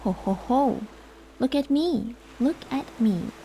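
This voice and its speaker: A woman's voice: sits high, lively intonation, takes it slowly, mellow, slight background noise. A woman voicing an invisible, mocking male fairy spirit that laughs and taunts, as a whispered role-play. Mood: taunting.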